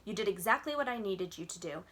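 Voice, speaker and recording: A brisk, bossy old witch barks out orders and tells tall tales of her adventures in a gruff, no-nonsense voice, as a woman reads her aloud from a children's book. She sounds tough but caring underneath. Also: medium pitch, animated, fairly bright tone. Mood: stern. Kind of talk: reading a children's novel aloud.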